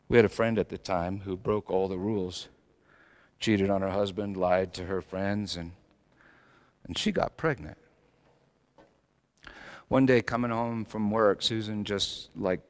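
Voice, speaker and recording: A middle-aged male pastor preaching a sermon, swinging between loud emphatic lines and hushed low phrases. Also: a little slow, pauses often. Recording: long hall reverb.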